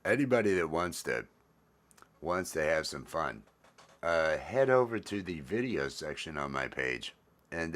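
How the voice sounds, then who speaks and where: A man's voice: a bass voice, sing-song, a little slow, a bit bright. A man hosting a casual livestream chat, talking in a laid-back, rambling way, repeating his phrases and greeting viewers by name. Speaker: livestream host.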